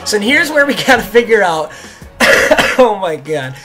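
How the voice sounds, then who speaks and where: A young man recounting a story for his gaming channel, mocking and animated, with frequent laughter and casual swearing. His pitch swings widely as he tells it. Soft music runs faintly behind him. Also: unhurried. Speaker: gaming YouTuber. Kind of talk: storytelling commentary.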